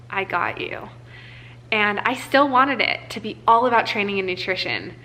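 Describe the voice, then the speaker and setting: A woman's voice: medium pitch, moderate pace, sharp tone, slight background noise, low-quality recording. A young woman telling an earnest, emotional personal story in a casual vlog, full of "like" fillers. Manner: casual speech with frequent "like" fillers. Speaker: vlogger. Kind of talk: personal life update vlog.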